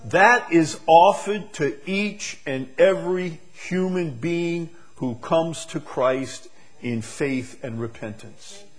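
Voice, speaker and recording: Man preaching slow and emphatic, lots of repetition, bit higher voice. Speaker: pastor. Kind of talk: sermon.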